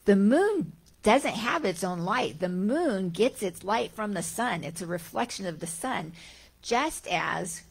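A middle-aged woman giving a gentle, conversational spiritual talk, full of rhetorical questions and small restarts. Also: mid-range voice, expressive, slow pace, gravelly, slightly rough. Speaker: spiritual teacher. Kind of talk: talk on Vedanta teaching.

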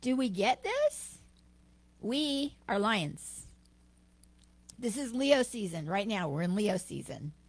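A woman minister delivering a sermon with expressive, emphatic storytelling. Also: mid-range voice, takes it slowly, pauses often, breathy edge, dry recording.

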